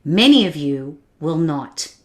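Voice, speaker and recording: A woman's voice: low-pitched, sing-song, slow. A woman giving a motivational webinar talk, putting questions and challenges straight to her audience and laughing along with their comments. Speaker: keynote speaker.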